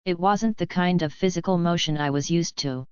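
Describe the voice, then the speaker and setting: A woman narrating a first-person story as an audiobook reader, in a slow, even reading. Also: fairly low pitch, smooth, no echo, dull audio.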